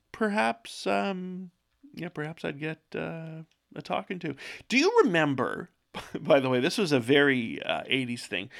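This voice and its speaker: Man in his 40s, gravelly, self-deprecating solo host who wanders off topic and drifts off mic. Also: mid-range voice, fairly bright tone. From Canada. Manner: meandering, self-deprecating, loses his train of thought, swears casually. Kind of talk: rambling casual monologue. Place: office. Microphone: own microphone, sometimes moves off it.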